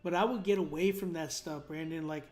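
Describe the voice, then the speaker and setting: A man's voice: fairly high pitch, steady tone, a little fast, a little mellow. A man hosting a casual livestream, critiquing submitted songs in a laid-back way with lots of fillers, sometimes humming drum patterns to make a point. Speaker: host reviewing submitted songs.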